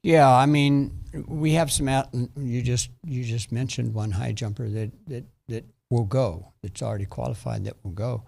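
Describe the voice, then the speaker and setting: A man's voice: medium pitch, moderate pace, gravelly, hardly any pauses, darkish tone. A middle-aged man, a track and field coach, talking in a radio interview, often repeating words as he explains. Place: radio studio.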